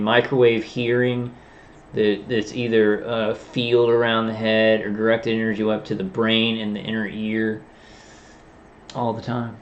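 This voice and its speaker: A man talking in a halting, rambling monologue, full of restarts and fillers. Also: medium pitch, slight background noise. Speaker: vlogger. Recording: dull lo-fi sound.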